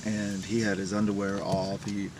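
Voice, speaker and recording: A man's voice: fairly low pitch, completely flat delivery, normal speed. A man talking in a raw, emotional personal confession, blunt and profane. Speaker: vlogger. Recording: distant mic with vehicle noise.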